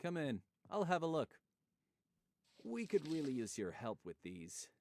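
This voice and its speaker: A man's voice: on the high side, very animated, unhurried, a little mellow, slight background noise. An actor playing a polite male villager in a game who earnestly asks for help. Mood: pleading.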